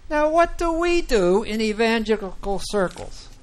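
A man teaching a Bible class, talking slowly and haltingly with many fillers and restarts. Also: high-pitched, big pitch swings. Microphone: microphone that sometimes cuts out.

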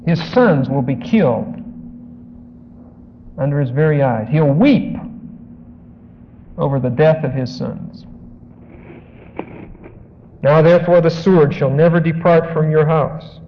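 Emphatic preacher in a reverberant hall. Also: male voice, slow, long pauses, a little hiss or hum. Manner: emphatic, rises in pitch for stressed points, asides between scripture readings. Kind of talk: sermon, expository Bible teaching. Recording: dull lo-fi audio in a large echoing hall.

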